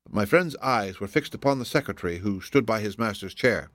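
A man narrating a classic story in a formal, even storytelling manner on a close microphone. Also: fairly low pitch, a little fast, no echo. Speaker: audiobook narrator. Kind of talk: scripted narration.

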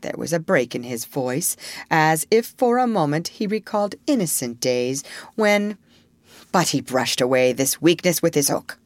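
A woman narrating a storybook in an expressive, measured reading. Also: low voice, no room sound.

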